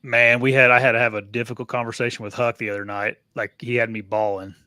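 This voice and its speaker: This is a man in his thirties chatting on a faith podcast. His voice sits in a middle pitch and is recorded close and dry. He talks in an earnest, heartfelt way. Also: little pitch movement, fast, sharp tone, smooth, no room sound. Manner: earnest, emotional storytelling. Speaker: podcast co-host. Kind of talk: casual faith podcast chat.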